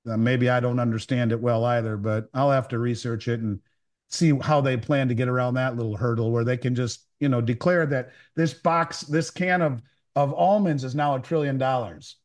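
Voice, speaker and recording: A man's voice: mid-range voice, fairly even intonation, normal speed. Rambling, blunt man on a call. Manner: rambling, blunt, restarts often. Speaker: precious metals dealer guest. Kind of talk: casual chat. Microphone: remote call.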